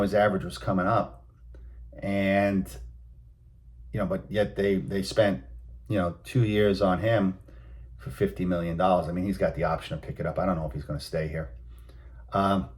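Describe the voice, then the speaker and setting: A man's voice: sits low, a little mellow. A man, hosting a sports talk show and ranting bluntly, with emphatic outbursts. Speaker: host. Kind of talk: opinionated sports talk monologue.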